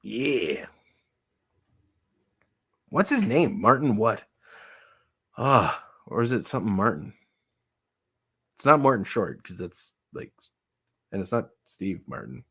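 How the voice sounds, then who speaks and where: Husky man musing over a puppet build. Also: fairly low pitch, very animated, unhurried, long pauses, pushed and bright. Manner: rambling, musing aloud. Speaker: puppet maker. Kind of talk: casual craft vlog chat.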